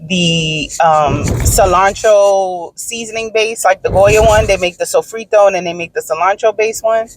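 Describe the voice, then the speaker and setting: A woman in her thirties, talking casually to her viewers from inside a car, animated and frank with swearing, swinging from exasperated rants to easy storytelling. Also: medium pitch, moderate pace, slight background noise, rough recording. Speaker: vlogger.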